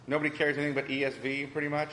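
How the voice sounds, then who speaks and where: Guy teaching bible study, keeps asking the room questions, higher voice, big echoey church hall. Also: flat delivery, very fast, pushed and bright, a little hiss or hum. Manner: asks the class questions and repeats answers. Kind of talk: interactive Bible class teaching. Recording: echoey hall with long reverb.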